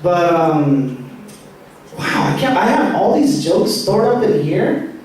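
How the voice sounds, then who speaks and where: A man's voice: high-pitched, very animated, slow pace, a little mellow, slight background noise. A male stand-up comedian performing a rambling, chatty live set. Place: live comedy show stage. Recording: echoey room, far-off mic.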